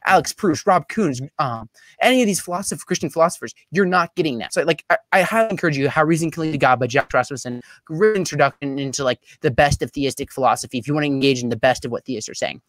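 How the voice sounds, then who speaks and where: A young man giving a debate closing statement over a video call, talking rapidly with many fillers and restarts. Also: on the high side, fairly bright tone, dry recording. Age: young adult.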